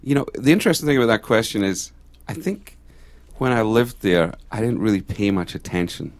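Low-voiced Scottish man, hesitant. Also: lively intonation, a little fast. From Scotland. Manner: thoughtful, hesitant, many restarts. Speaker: guest. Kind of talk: casual conversation.

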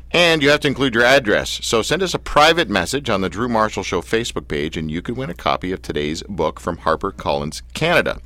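A man hosting a radio interview, joking and self-deprecating, with halting fillers. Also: lowish voice, pushed and bright. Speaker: radio show host.

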